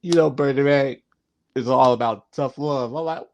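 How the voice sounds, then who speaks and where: This man, hosting a casual YouTube vlog reviewing a sitcom, addresses the camera directly, taking his time, repeating phrases, and leaning on "like." He has a medium-pitched voice, and there's a little hiss or hum in the audio.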